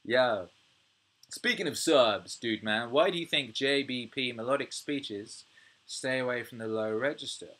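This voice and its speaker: British male streamer in his thirties, casual, profane, animated ranting. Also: mid-range voice, a little slow. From United Kingdom. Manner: swears freely, animated rants, laughs often. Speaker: music producer and livestream host. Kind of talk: casual livestream chat reading viewer comments.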